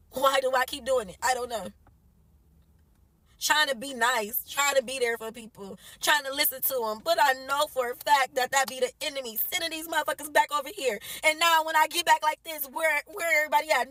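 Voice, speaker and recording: A woman's voice: high voice, brisk, fairly bright tone, poor audio. A young woman, a mother from the United States, venting tearfully and with heavy swearing into her phone camera from her car. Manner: profane, exasperated, tearful venting. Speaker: mother posting a social media video.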